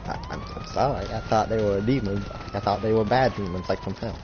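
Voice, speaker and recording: A man voicing a remorseful young male fighter who apologizes in a low, subdued voice. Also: wildly swooping pitch, brisk, highs cut off, music in the background. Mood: apologetic.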